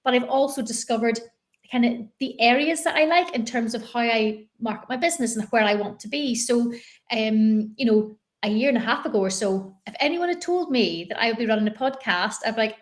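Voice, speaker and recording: A woman from Northern Ireland with a Northern Irish accent, a business coach talking in a chatty, animated way as an interview guest. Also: a little high, brisk. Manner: chatty, animated, many fillers and restarts. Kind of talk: conversational interview.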